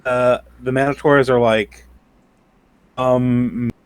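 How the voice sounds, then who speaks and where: A man co-hosting a podcast, jumping into casual chat with quick, emphatic comments. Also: medium pitch, level tone, clear, resonant tone, no echo. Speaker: podcast co-host.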